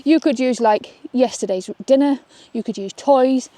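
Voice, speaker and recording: Upbeat female dog trainer, slightly high voice, filmed outdoors on a walk. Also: normal speed, mellow, no echo. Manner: chatty, upbeat, keeps asking "okay?". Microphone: camera she holds while walking.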